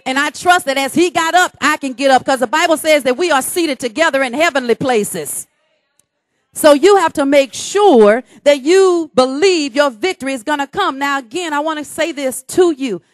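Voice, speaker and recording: A woman's voice: sits high, no room sound, clean studio sound. A woman preaching a sermon, emphatic and calling on her congregation to respond.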